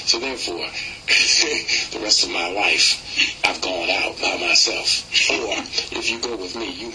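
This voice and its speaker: A man's voice: sits low, measured pace, a loud crowd, rough recording. A man hosting a casual radio interview, laid-back and rambling, chuckling now and then. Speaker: radio show host.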